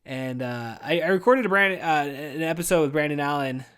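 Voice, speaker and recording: Young male podcast host, high-pitched, profane, rambling rant style. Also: moderate pace, fairly bright tone, clear, resonant tone. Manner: ranting, swears constantly, says "dude" a lot. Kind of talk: casual profane monologue. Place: indoors at home.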